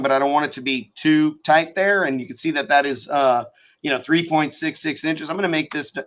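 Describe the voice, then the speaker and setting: A man with a fairly high, bright and forceful voice walks viewers through design software on a casual live stream. He swears freely and thinks out loud as he clicks through each step. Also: poor audio. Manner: profane, thinks aloud while working. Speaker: show host teaching design software.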